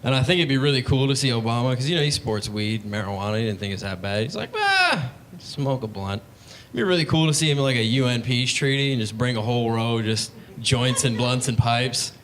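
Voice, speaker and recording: Young guy doing stand-up, laid back, acts out voices, mid pitch, bit of room noise. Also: fast, few pauses, a bit bright. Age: young adult. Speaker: stand-up comedian. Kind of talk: stand-up comedy set. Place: comedy club stage.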